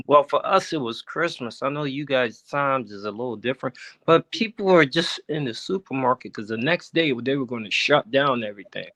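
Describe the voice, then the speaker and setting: Animated gravelly-voiced man telling a story. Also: medium pitch, normal speed, low-quality recording. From United States. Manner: animated, rising sharply when quoting himself. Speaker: caller. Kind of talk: storytelling on a call-in show. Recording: connection breaking up.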